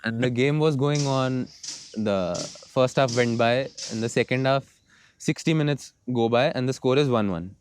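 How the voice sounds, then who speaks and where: A young man with an Indian accent and a mid-range voice speaks at normal speed, with a little hiss or hum on the recording. A football goalkeeper appearing as a guest on a casual podcast, he tells stories in a relaxed way, mixing Hindi into his English.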